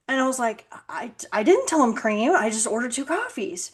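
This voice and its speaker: Her voice is high-pitched and slightly rough, moving a little fast with few pauses. She hosts a casual podcast, telling stories animatedly, acting out what people said, and laughing a lot.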